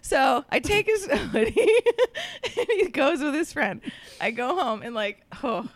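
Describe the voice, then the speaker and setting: A woman guest on a podcast, telling a story in casual chat, animated and laughing often, swearing casually. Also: sits high, measured pace, no room sound.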